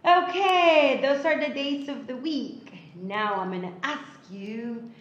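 Slow, high-voiced teacher. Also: female voice, expressive. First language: Spanish. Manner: switches between English and Spanish, drills words for repetition; sleepy but encouraging. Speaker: English teacher. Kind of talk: online class for young children. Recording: roomy, dull lo-fi livestream audio.

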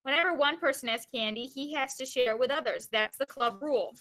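A woman's voice: sits high, brisk, sharp tone. A woman voicing a mean, sly schoolboy bully who taunts and demands, read aloud from a storybook. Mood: taunting.

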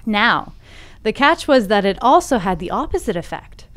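A woman's voice: medium pitch, sing-song, moderate pace, fairly bright tone. A woman presenting a scripted storytelling segment on a podcast, laughing at herself and playful in between. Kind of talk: reading a scripted segment and chatting.

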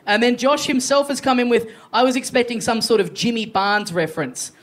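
A man's voice: very high-pitched, fairly quick. An Australian man co-hosting a live comedy podcast, reading out listener emails with swearing and laughing asides. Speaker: podcast co-host. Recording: live show with loud audience.

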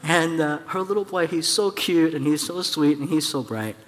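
Animated male preacher in a reverberant hall. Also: a little high, normal speed. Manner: animated storytelling, acts out voices, laughs at own story. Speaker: church elder preaching. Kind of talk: sermon with personal story. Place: church hall. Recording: church hall with long reverb.

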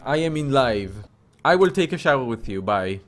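A young man streaming a game, commenting loudly with crude jokes and sudden yells. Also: mid-range voice, normal speed, faint music behind. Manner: excitable, yelling and crude joking. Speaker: gaming streamer.

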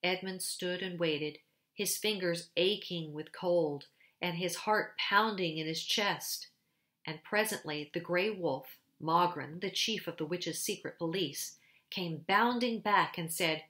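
A woman reading a children's storybook aloud in a gentle, unhurried narration. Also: on the low side. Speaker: storybook reader.

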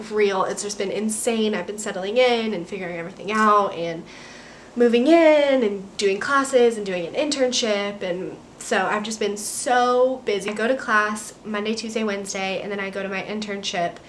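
A woman's voice: mid-range voice, slight background noise. Young american girl vlogging from her apartment, bubbly, rambles, says like a lot. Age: young adult. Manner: bubbly, rambling, heavy use of "like" and "um". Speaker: vlogger, college student studying abroad. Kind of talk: casual chatty vlog update.

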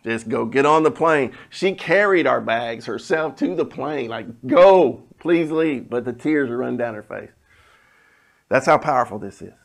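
A middle-aged man, a pastor telling a personal story in a sermon with a conversational delivery that often drops to a hushed tone. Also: mid-range voice, moderate pace, gravelly.

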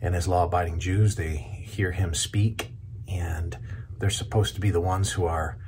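Man, deep voice, pastor, earnest devotional talk to camera, hammers key words, faint hiss. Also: fairly even intonation, darkish tone. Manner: earnest, stresses single words with long pauses. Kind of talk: short devotional sermon to camera. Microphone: camera video.

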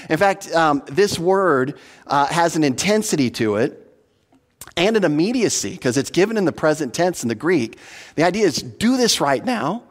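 A man preaching an expository sermon as pastor, earnest and teacherly, stressing points by repeating them. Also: a little high. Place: church hall. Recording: long hall reverb.

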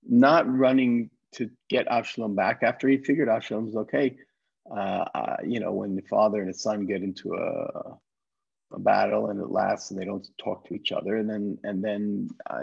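This man, a rabbi, has a husky, gravelly voice that sits lowish and sounds a little mellow. He gives a conversational lecture retelling a Bible story, restarting sentences and voicing its characters' words, all in a dull lo-fi recording.

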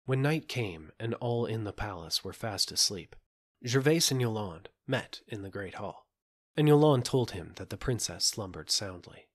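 A man narrating a fairy tale audiobook in a calm, measured reading. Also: fairly low pitch, slightly rough. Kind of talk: storybook narration.

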